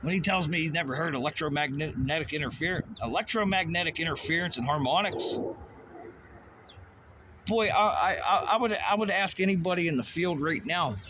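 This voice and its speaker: A man's voice: a little high, normal speed. Agitated, profane man ranting over noise. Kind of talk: angry rant. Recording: noisy background.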